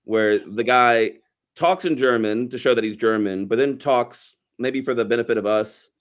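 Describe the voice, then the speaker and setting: In this casual movie podcast, a male co-host with a mid-range voice talks at a moderate pace. He rambles wryly and swears offhandedly while picking apart scenes.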